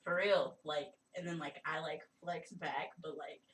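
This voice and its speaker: A woman's voice: deep voice, fairly even intonation, unhurried, a bit bright, reverberant. A woman playing a tabletop game, joking and laughing as she talks. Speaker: player. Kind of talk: casual play. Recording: distant mic with faint noise.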